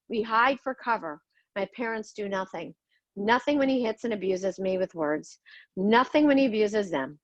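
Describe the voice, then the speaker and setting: A woman's voice: medium pitch, expressive, moderate pace, dry recording, lo-fi sound. Somber woman reading her own memoir. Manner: somber, confessional, blunt with occasional swearing. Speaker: podcast host telling her own story. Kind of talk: personal memoir narration.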